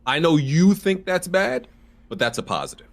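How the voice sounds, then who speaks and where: A man's voice: fairly high pitch, very animated, normal speed, gravelly. A man joining a stream, arguing insistently and pushing back on the host. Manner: argumentative, insistent, pushes back with repeated "bro". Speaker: guest debating on a stream. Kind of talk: casual argument.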